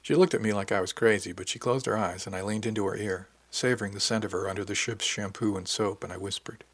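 A man's voice: lowish voice, fairly even intonation, quick pace. A man narrating a novel in the first person with a dry, wry storytelling manner. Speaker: audiobook narrator.

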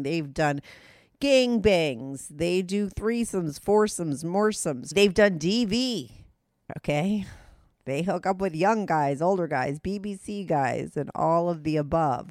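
A woman's voice: on the low side, no echo, clean studio sound. A woman hosting a podcast, talking bluntly and casually, swearing and laughing often. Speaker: podcast host. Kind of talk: casual interview chat.

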